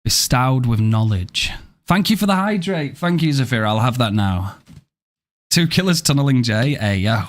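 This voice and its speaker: A man's voice: medium pitch, animated, normal speed. A man live-streaming a game, chatting casually and playfully, joking and thanking viewers by name, with casual swearing.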